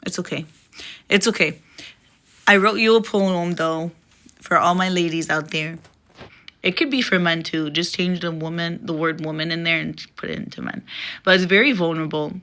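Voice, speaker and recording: A woman's voice: fairly low pitch, fairly even intonation, moderate pace, a bit bright. A young woman chatting on a phone live stream, rambling and laughing often, and reading her own poem.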